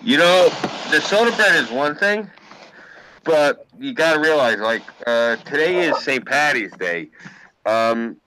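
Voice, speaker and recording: A man chatting casually with friends on a group call, animated and swearing freely. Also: on the high side, unhurried, background noise. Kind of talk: casual chat.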